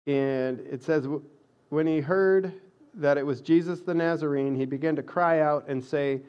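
A man's voice: on the high side, moderate pace, a little mellow, clear, resonant tone. A man preaching a sermon in a conversational way, growing emphatic when he reads scripture aloud. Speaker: pastor.

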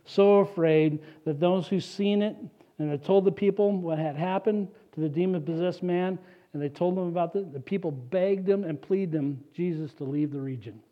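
A man preaching a sermon as a pastor, animated and conversational, with casual asides to the congregation. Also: high-pitched, normal speed. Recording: dull lo-fi recording.

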